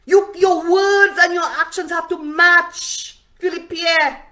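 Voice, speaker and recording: A woman giving forceful, scolding political commentary on a livestream, repeating herself as she builds her point. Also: sits high. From Saint Lucia.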